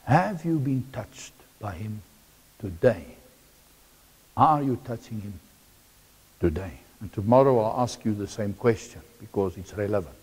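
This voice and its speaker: A man preaching a sermon, emphatic and halting, with long pauses between phrases. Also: fairly low pitch, lively intonation, darkish tone, husky. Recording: long hall reverb.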